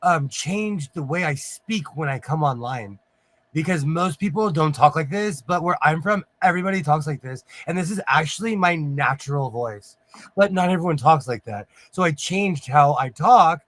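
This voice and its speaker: A man from California hosting a casual livestream chat, talkative and quick to laugh. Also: on the high side, expressive, fairly bright tone, dry recording. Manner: chatty, laughs often. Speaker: host.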